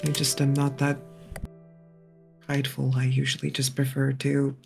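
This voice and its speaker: A woman playing her character in a tabletop role-play game, speaking in a gentle, measured, earnest way. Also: very deep voice, monotone, gravelly. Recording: faint music behind.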